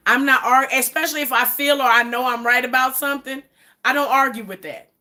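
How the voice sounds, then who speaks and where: A woman, chatting bluntly and profanely to a live-stream audience, sometimes dropping to a low, quiet voice. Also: brisk. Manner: blunt and profane, with quoted asides; drops to a low, quiet voice in places. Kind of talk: casual live-stream chat.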